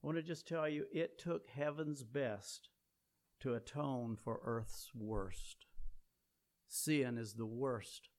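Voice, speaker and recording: A man preaching a sermon, swinging between loud emphatic peaks and low quiet passages. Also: slow.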